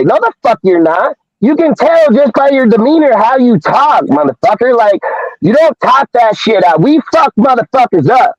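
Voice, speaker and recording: A man's voice: very high-pitched, big pitch swings, moderate pace, no room sound. A man hosting a live show, ranting in a heated, profane, confrontational way. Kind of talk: live-stream rant. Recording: dull lo-fi dry stream audio.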